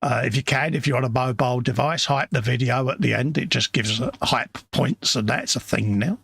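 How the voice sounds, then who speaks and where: Rich: A matey London man hosting a live stream and reading out viewers' messages with a grin, his voice gravelly and bright. It sounds close and dry, with no room around it. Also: medium pitch, fairly quick, no room sound. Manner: jokey, matey, calls everyone mate. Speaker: livestream host reading chat. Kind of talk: casual live chat.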